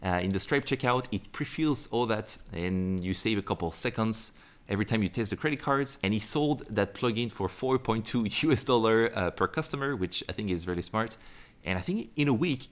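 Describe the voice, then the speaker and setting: A man from France with a French accent, chatting casually to the camera in an upbeat, rambling way. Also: fairly low pitch. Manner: upbeat, rambling, thinks aloud with many fillers. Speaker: solo entrepreneur vlogger. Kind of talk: casual vlog chat to camera.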